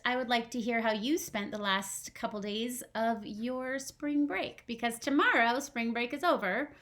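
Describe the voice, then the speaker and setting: A woman's voice: medium pitch, a bit bright. A young woman, a first grade teacher at home, reading a storybook aloud and chatting with her class. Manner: chatty, asks the kids questions.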